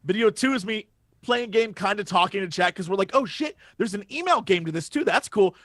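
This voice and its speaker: A man co-hosting a podcast in casual chat, telling a story with excitable energy and plenty of swearing, speaking into a studio microphone. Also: sits high, fairly quick, no echo. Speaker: podcast co-host.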